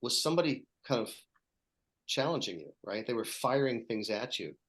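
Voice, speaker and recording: A man hosting a podcast who asks his guests questions, his pitch rising and falling a lot as he talks. His manner is easy and conversational. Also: animated, fairly quick, fairly bright tone. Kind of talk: casual podcast chat.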